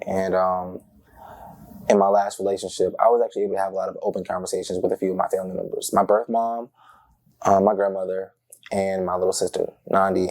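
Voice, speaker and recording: Mellow-voiced man telling animated stories. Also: sits low. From Tampa, Florida. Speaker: interview guest. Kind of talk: casual personal storytelling.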